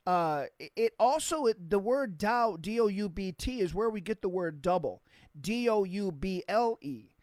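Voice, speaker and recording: A pastor preaching a sermon, emphatic, repeating key phrases and spelling words out letter by letter, with slow stressed lines between quick runs. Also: medium pitch, expressive, darkish tone, no echo, studio quality.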